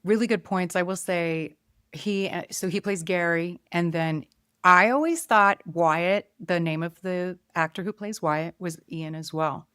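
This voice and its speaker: Woman, podcast host, casual film chat, musing aloud, lowish voice, dry close sound. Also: unhurried, fairly bright tone, clear, resonant tone, dry recording. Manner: chatty, trails off and restarts, musing aloud.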